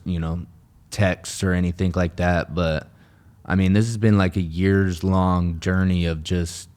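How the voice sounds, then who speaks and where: A man with a very low voice talks as a guest in a relaxed interview, earnest and rambling. He circles back on his words, restarts sentences and leans on fillers as he tells his story of recovery. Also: clean tone. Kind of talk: casual interview chat.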